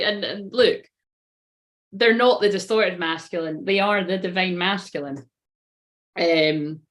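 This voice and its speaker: A woman tarot reader talks straight to her viewers in a loose, rambling monologue. She swears freely and laughs at herself between thoughts, and her pitch sits in an ordinary middle range. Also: a bit bright. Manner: chatty, swears constantly, often laughs at herself. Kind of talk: casual tarot reading monologue.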